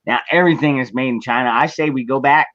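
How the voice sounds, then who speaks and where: A man's voice: mid-range voice, fast talker, a bit bright, dry recording. A man hosting a casual livestream chat, blunt and profane, greeting viewers as they join. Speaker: livestream host. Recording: dull lo-fi dry mic.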